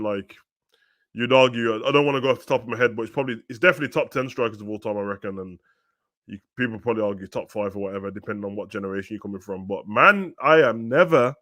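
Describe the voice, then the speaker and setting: A young man talks over a live football match, loose and slangy in his asides. When the play heats up he gets loud and excited, calling the action at a mid-pitched level. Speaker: watch-along host. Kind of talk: live football watch-along commentary.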